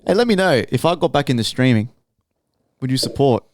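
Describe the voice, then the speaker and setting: A man's voice: medium pitch, animated, fairly quick, slight background noise. A young man co-hosting a podcast, telling rambling, profane stories and acting out other people's lines in a casual chat. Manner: swearing storyteller, acts out quotes with voices. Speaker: podcast co-host.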